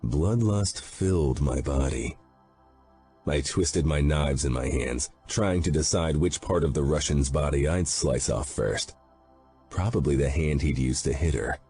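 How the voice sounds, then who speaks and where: A man's voice: a bass voice, unhurried, mellow. A man reading a romance audiobook aloud, narrating in first person with a grim, brooding delivery. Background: faint background music.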